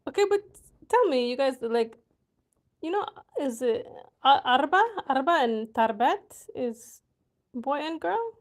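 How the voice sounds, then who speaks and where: A woman learning a language speaks slowly and casually on her vlog in a high, animated voice. She giggles frequently, trying new words out loud and muttering half to herself as she figures them out.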